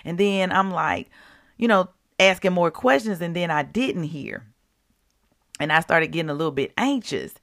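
A woman hosting a devotional podcast, talking conversationally to her listeners and reading scripture slowly and deliberately. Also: on the low side, lively intonation, creaky, a bit bright.

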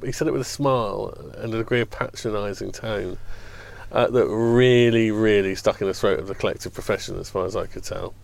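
A man's voice: on the low side, fairly quick, creaky. A man on a news podcast panel, giving wry, sardonic commentary in casual discussion. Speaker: education journalist on panel.

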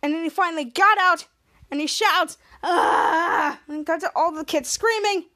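High-voiced woman recapping a show. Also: normal speed, bright, forceful tone, no echo, clean studio sound. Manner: rambling with restarts. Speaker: podcast host. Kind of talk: episode recap narration.

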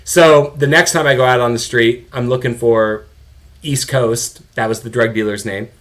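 Middle-aged man, interview guest, candid and animated storyteller. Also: mid-range voice, moderate pace. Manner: animated, swears, quotes people in their own voices. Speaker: guest, father of an addicted son.

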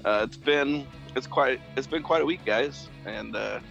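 A man from Illinois co-hosting a casual podcast, relaxed, often laughing and using lots of fillers. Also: medium pitch, a little slow, gravelly, highs cut off, soft background music. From Edwardsville, Illinois, USA. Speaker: podcast co-host. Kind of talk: casual wrestling podcast chat.

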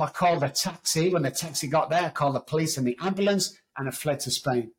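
A middle-aged man with an English accent tells his own story as a podcast guest. He talks in a candid, raw way and swears freely. His voice sits at an ordinary middle pitch. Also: rough recording. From England. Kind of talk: storytelling interview.

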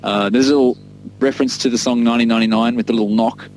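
A man's voice: mid-range voice, steady tone, very fast, a little mellow, poor audio. A man co-hosting a casual music podcast, rambling enthusiastically and laughing often. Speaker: podcast co-host discussing an album.

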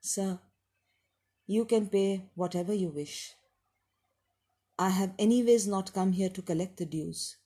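A woman's voice: mid-range voice, unhurried, pauses often, mellow, slightly rough. A woman voicing a worried old widow. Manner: timid, hesitant, fearful pleading.

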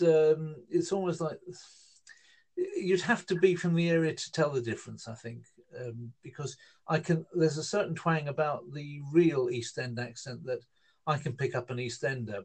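A man's voice: medium pitch, darkish tone. Middle-aged guy, rambly and hesitant, lots of ums, chatting in an interview. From Newcastle, northern England. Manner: rambling, hesitant, with many fillers and restarts. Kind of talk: casual storytelling conversation.

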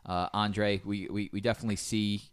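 A man's voice: lowish voice, fairly quick, clean tone, dry recording, studio quality. A man co-hosting a gaming podcast, chatting casually with many fillers and restarts. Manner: relaxed, rambling, many fillers. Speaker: podcast co-host.

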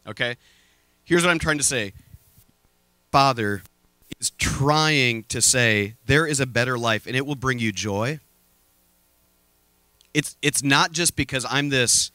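A man preaching a sermon from a stage, telling a story with lively, acted-out quotes. He says he is sweating up here. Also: medium pitch, measured pace, pauses often, dry recording. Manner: animated storytelling, acting out quoted voices. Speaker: pastor. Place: stage before a congregation.

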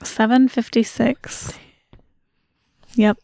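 A woman's voice: a little high, flat delivery, very slow, creaky, darkish tone, no echo. A young woman chatting casually with her husband on a podcast, teasing and giggly. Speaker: podcast guest host, wife. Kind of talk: casual chat.

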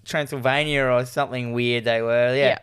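A man's voice: medium pitch, steady tone, normal speed, fairly bright tone, smooth. A man co-hosting a casual movie recap, jokey and rambling, often trailing off mid-sentence. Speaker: podcast co-host.

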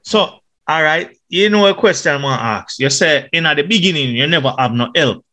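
A man's voice: fairly high pitch, lively intonation, moderate pace, pushed and bright. A Jamaican man co-hosting a podcast, asking questions in easygoing patois. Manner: easygoing, calling guest bro and man. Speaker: podcast co-host. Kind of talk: casual interview chat.

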